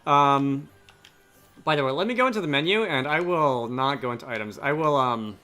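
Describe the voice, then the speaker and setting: A man's voice: medium pitch, normal speed, pushed and bright, faint music behind. A man giving casual, rambling gameplay commentary as a let's play host, often correcting himself mid-sentence.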